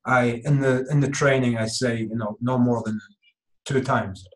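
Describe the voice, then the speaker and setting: A man's voice: medium pitch, steady tone, moderate pace, poor audio. A man who coaches online marketing, explaining step by step in a hesitant way with many fillers. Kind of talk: live Q&A chat.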